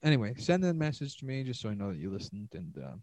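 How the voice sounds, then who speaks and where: A man's voice: on the low side, big pitch swings, fast, a little mellow, dry recording, poor audio. Solo podcast host, male comedian: loose, swearing, self-mocking ramble, dry close mic.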